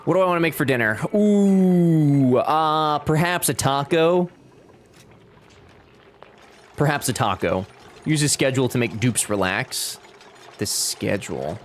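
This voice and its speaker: A man's voice: mid-range voice, animated, normal speed, pauses often, fairly bright tone, a little hiss or hum. A young man chatting casually while streaming a game, joking and reading chat aloud. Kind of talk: casual gameplay livestream chat.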